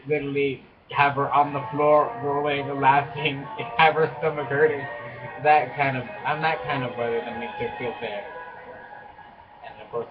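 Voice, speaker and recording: A man's voice: medium pitch, highs cut off. A young man talking casually to camera, earnest and rambling with many restarts and frequent laughs. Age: young adult. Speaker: vlogger.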